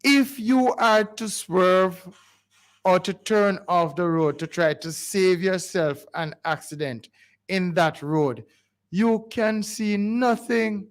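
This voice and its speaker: A man with a Jamaican accent hosts a call-in community radio show from a studio, speaking slowly in a high-sitting voice. His talk rambles and pleads, with frequent restarts.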